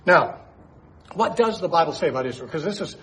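A man's voice: a little high, expressive, a little fast, bright, forceful tone, poor audio. A man who teaches the Bible on the radio, explaining scripture in an emphatic way and posing rhetorical questions to his listeners.

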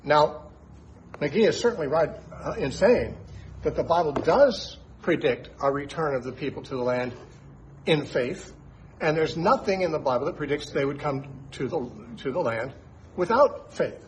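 A male Bible teacher with a slightly high voice lays out scripture in an emphatic teaching manner. He poses rhetorical questions as he explains, and a faint ambient hiss sits under his voice. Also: lively intonation, normal speed, low-quality recording.

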